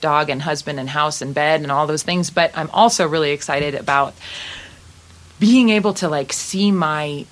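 Low-voiced woman chatting about touring. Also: normal speed. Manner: relaxed, adds to partner's stories. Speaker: touring musician guest. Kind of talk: casual interview chat.

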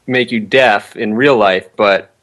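A man hosting a casual podcast, relaxed, asking the cast questions. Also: lowish voice, unhurried. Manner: relaxed, asks questions, laughs along. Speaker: podcast host, director. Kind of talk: casual interview chat.

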